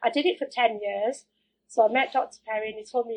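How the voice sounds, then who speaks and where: A middle-aged woman telling her own story as an interview guest, candid and animated, acting out the things people said to her. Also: on the high side, brisk, poor audio. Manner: candid, animated, acts out quoted remarks.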